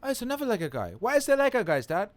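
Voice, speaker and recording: A man putting on the high, squealing voice of an excited six-year-old boy. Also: rapid-fire, dry recording. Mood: thrilled. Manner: squealing, wide-eyed.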